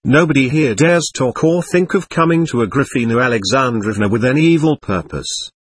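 A man's voice: mid-range voice, a little fast, husky, lightly acted. A man reading the part of a proud, fiery young woman in an audiobook, speaking with passion that swings between scorn and confession. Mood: impassioned.

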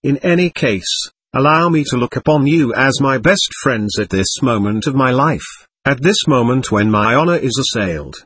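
A man voicing an excitable, proud nobleman under police questioning, talking on and on in a defiant way. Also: medium pitch, normal speed, few pauses, breathy edge, no echo. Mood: effusive. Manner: voluble, defiant, laughing nervously.

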